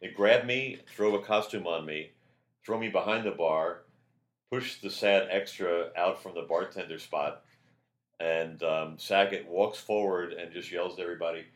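A man on a podcast, telling long anecdotes in a rambling, animated way and acting out quotes in a loud voice. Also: sits low, normal speed. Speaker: podcast guest. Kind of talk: casual anecdotal storytelling. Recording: roomy echo.

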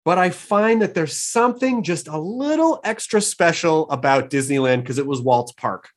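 This man hosts a relaxed interview chat, voice sitting slightly on the high side. He talks eagerly, rambling and restarting sentences as his thoughts run ahead. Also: moderate pace. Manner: enthusiastic, rambling, frequent restarts. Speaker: podcast host.

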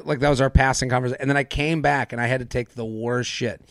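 A man hosting a casual comedy podcast, telling stories in a joking, animated way. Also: medium pitch, no echo, studio quality. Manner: joking, animated storytelling with quick laughs. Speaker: podcast host.

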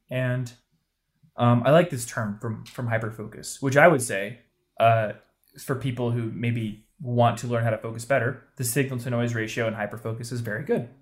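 A man co-hosting a podcast, giving blunt, emphatic advice in casual chat. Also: medium pitch. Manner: emphatic, punchy advice-giving with quick asides. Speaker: podcast co-host.

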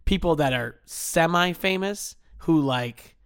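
A man's voice: on the high side, slow, fairly bright tone, clean tone, dry recording, clean studio sound. A man co-hosting a comedy podcast, chatting casually, stumbling over words and laughing easily. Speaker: podcast co-host.

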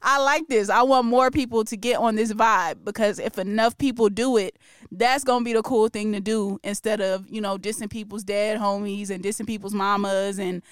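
A woman's voice: mid-range voice, fairly even intonation, moderate pace, clear, resonant tone, no echo, clean studio sound. A woman co-hosting a podcast, chatting casually and laughing often, playful and opinionated. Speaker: podcast co-host. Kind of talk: casual chat.

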